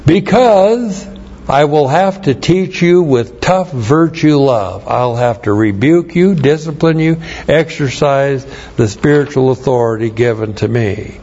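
A man's voice: mid-range voice, measured pace, few pauses, a little mellow, lo-fi sound. A man preaching verse by verse, explaining Greek grammar, spelling words out and repeating phrases for emphasis. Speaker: pastor. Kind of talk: verse-by-verse Bible teaching.

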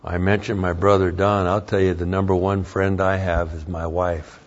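A man's voice: deep voice, flat delivery, moderate pace. An older man preaching a sermon as a pastor, moving between folksy storytelling and emphatic preaching. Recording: dull lo-fi sermon recording.

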